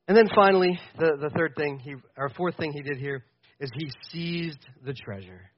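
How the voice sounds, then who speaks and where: High-voiced young pastor preaching animatedly. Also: male voice, moderate pace, lo-fi sound. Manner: animated and conversational, swinging from loud to quiet; acts out quoted voices. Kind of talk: sermon. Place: church stage.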